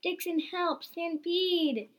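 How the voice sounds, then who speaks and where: A woman voicing a panicky young female cow in a storybook reading, shrill and yelling. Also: takes it slowly.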